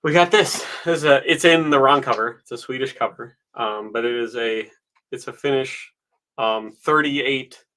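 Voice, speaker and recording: A man's voice: mid-range voice, bright, forceful tone, a little hiss or hum, low-quality recording. A man auctioneering on a live stream from home, chatty and easygoing, with plenty of filler ums. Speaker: online auctioneer.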